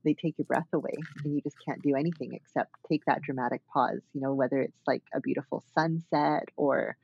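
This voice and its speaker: A woman's voice: a bass voice, fairly even intonation, brisk, creaky, husky. Reflective woman, slightly muffled. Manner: thoughtful, many fillers and restarts. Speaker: dance artist and guest. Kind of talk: reflective conversational interview.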